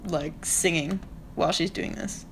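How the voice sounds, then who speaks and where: A woman's voice: deep voice, fairly even intonation, measured pace, slight background noise. A young woman co-hosting a casual podcast, rambling and chatty with lots of fillers. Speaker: podcast co-host. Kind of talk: casual chat.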